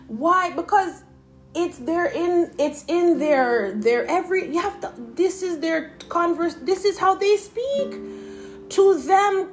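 A young woman with a Jamaican accent, hosting a casual opinion podcast and talking in an animated, rambling way that slips into patois. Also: high-pitched. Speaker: podcast host.

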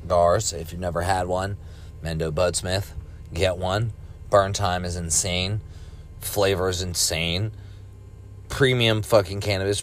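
A man rambling casually while high, laid-back and profane, coughing now and then and breaking into ranting bursts. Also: a little hiss or hum. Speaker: cannabis vlogger. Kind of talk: casual stoned rambling monologue.

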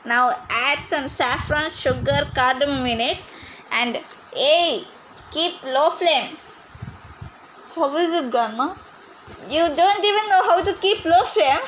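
A woman's voice: high voice, bright, forceful tone, slight background noise, exaggerated voice, poor audio. A woman playing a bossy, scolding grandmother in an amateur comedy cooking skit.

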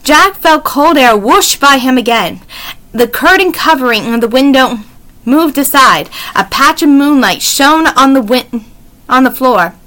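A young woman with a high, bright voice reads a children's chapter book aloud. She hosts her own channel. Her delivery is friendly and upbeat. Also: expressive, a little slow. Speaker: channel host and storybook reader.

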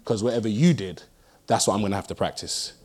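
A young man delivers a sermon with lively storytelling. His voice swings from loud bursts to quiet, hushed lines as he drives his points home. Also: on the low side, quick pace. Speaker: pastor.

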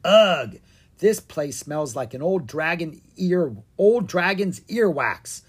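A reader voicing an excitable young girl dragon in a storybook, speaking high and eager. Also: slow pace, breathy edge, full character voice.

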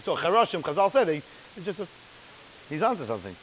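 A man giving a lively, digressive lecture as a religious teacher, often checking in with "right?". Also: fairly high pitch, fast, slight background noise. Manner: animated, digressive, keeps asking "right?". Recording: tinny phone-like line.

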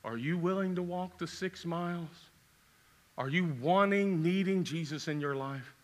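A middle-aged male pastor preaching a sermon and making an altar call, pleading with repeated questions and rising to loud calls in a church. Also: on the high side, a little slow. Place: church sanctuary.

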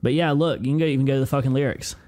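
A man co-hosting a podcast, talking excitedly and swearing casually. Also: medium pitch, very fast. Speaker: podcast co-host.

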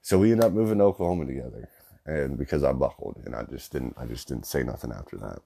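A man's voice: a bass voice, lively intonation, quick pace, vocal fry, dark tone, slightly rough. A young man in his twenties telling a personal story casually, rambling with lots of fillers and swearing. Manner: rambling, profane, filler-heavy.

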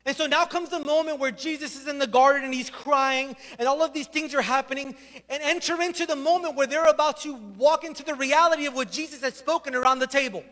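Man, pastor, very high voice, preaching a sermon, lively storytelling, long hall reverb. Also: quick pace. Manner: animated storytelling, acting out voices.

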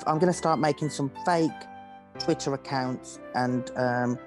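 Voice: medium pitch, a little slow, over music. A podcast guest with a British accent, joking cheekily in casual chat. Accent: British English.

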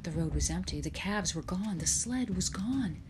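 A woman reading a children's chapter book aloud in a steady storytelling voice. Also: fairly low pitch, moderate pace, background noise. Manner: steady storytelling, lively for dialogue. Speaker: audiobook reader. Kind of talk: scripted narration.

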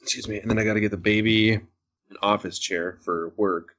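A man's voice: on the low side, fairly even intonation, a little fast, a bit bright, muffled recording. A man in his thirties chatting casually on a call, joking and rambling with a self-deprecating streak. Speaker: podcast host. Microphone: phone call.

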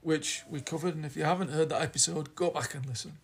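Co-hosting a podcast, a man from Yorkshire, England rambles and teases in casual conversation. He talks at a quick pace with a steady tone, his voice on the high side, husky and full of vocal fry.

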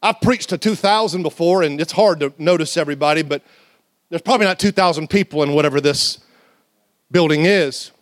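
High-voiced preaching man, dry sound. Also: no echo. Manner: animated preaching with sudden loud outbursts and slow drawn-out emphasis; conversational storytelling with humor. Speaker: pastor. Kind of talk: sermon. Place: church.

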